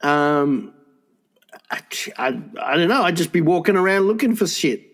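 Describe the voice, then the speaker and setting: Crude, teasing man with a slightly high voice. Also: lively intonation, normal speed. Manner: crude, teasing, laughs often. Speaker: podcast co-host. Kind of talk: casual comedy chat.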